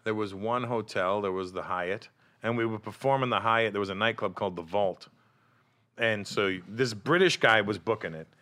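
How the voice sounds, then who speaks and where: Man, comedian, casual podcast chat, bright voice, swears a lot. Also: on the low side, moderate pace. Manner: swearing storyteller, acts out voices.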